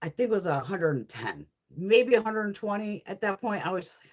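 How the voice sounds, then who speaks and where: Her voice is medium-pitched and sing-song, and she speaks fairly quickly, this beauty haul vlogger from Connecticut. Chatting casually through a story, she swears nonstop and laughs all the way through.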